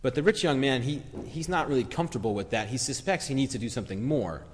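A man's voice: mid-range voice, animated, fast, big-room sound, slight background noise. A man giving a sermon in a conversational, reflective way, acting out short quotes as he retells a story. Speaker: preacher.

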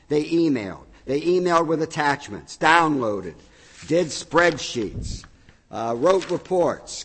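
A middle-aged man preaching in a church, his voice sitting a touch high for a man. He tells stories with lively, acted-out energy. The sound carries a long reverb from a large hall. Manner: animated storytelling, acting out shouts. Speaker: pastor. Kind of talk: sermon. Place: church sanctuary.

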